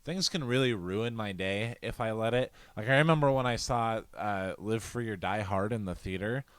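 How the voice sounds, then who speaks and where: A man's voice: on the low side, moderate pace, smooth, no room sound. Casual man ranting about a concert. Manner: profane, acts out other people's lines in put-on voices. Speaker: podcast co-host. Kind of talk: casual chat.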